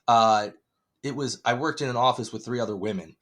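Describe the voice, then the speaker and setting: A man's voice: mid-range voice, brisk, a bit bright. A middle-aged man co-hosting a podcast, telling rambling stories and laughing often. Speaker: podcast co-host. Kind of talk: casual chat.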